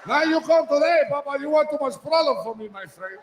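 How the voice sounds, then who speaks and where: A man voicing an irritable middle-aged male corner-store owner who speaks broken English and scolds a customer, rising to shouts. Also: very high voice, lively intonation, fairly quick, roomy sound, slight background noise, pitched above the performer's own voice. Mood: exasperated scolding. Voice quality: broken English, heavy Spanish-tinged phrasing.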